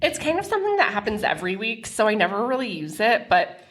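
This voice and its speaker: A woman's voice: medium pitch, very animated, fast. Chatty woman podcast co-host. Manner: playful, chatty storyteller. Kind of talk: casual chat.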